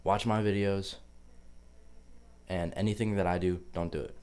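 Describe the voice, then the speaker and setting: A young man with a very low, deep voice tells a story straight to camera. He rambles loosely, swears often and leans on filler words, in a relaxed vlog manner. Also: moderate pace, clear, resonant tone. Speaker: vlogger.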